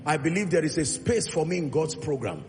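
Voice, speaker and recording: A man preaching a sermon in a church, calling for congregation responses and swelling to loud, emphatic peaks, drawing out key words slowly. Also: on the high side, animated. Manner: drawn-out, slow emphatic delivery on key points. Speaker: pastor. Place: large church hall. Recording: long hall reverb with faint music.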